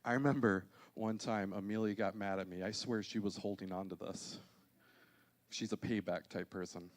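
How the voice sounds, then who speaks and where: A man's voice: lowish voice, steady tone, normal speed. A man in his thirties, a pastor preaching a sermon to a church congregation, telling self-deprecating funny stories. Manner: humorous, self-deprecating storytelling. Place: church auditorium.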